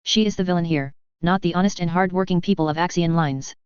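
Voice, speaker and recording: An indignant older company spokesman, as a woman narrator reads him. The voice is low and very clear. The recording is dry and a little dull. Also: fast, darkish tone, dry recording, natural voice. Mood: defensive. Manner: defensive, indignant. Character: older male corporate spokesman, defensive.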